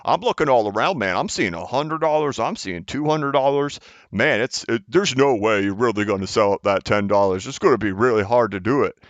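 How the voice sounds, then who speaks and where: A man's voice: medium pitch, expressive, dry recording, dull audio, lightly acted. A man voicing his brash, hyped-up male buddy, who keeps tagging his sentences with "man". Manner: brash, drawn-out "man" tags.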